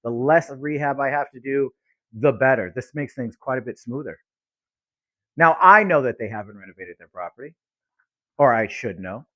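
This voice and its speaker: A man's voice: medium pitch, lively intonation, normal speed, a bit bright, dry recording, highs cut off. A man coaching real estate investors on talking with sellers, in a blunt, direct teaching manner. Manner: blunt, acts out both sides of calls. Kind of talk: teaching monologue with acted phone lines.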